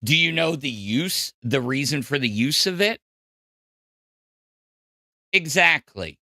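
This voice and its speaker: A man's voice: on the high side, lively intonation, slow, pushed and bright, no room sound, studio quality. A man hosting a podcast, ranting casually with lots of profanity, fillers and restarts. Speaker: podcast host. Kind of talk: casual crude podcast rant.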